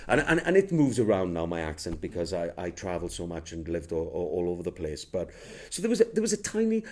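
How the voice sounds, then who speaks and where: A man's voice: deep voice, huge pitch swings, fast, darkish tone. A middle-aged man with a Welsh accent, an actor telling stories in a casual interview, rambling with many restarts. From Wales.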